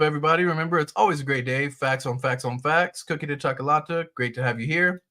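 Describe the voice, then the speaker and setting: Bright-voiced casual crypto livestream host. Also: male voice, medium pitch, brisk, hardly any pauses. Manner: casual, loose, talks straight to viewers and reads chat aloud. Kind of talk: casual livestream market commentary.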